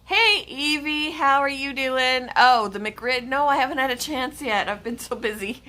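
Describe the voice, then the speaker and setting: A woman's voice: sits high, moderate pace, sharp tone. A woman hosting a casual live stream, chatting to her pets and her viewers.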